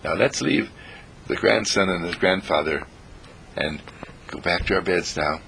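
A man with a gravelly, husky voice narrating a bedtime story softly and soothingly to children. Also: low voice, lively intonation, measured pace, slight background noise. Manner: soft, soothing, addressing children.

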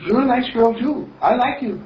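A man voicing a friendly little neighbor girl in a bright, raised voice. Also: very high voice, normal speed, slight background noise, pitched above the performer's own voice. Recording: distant roomy dull recording.

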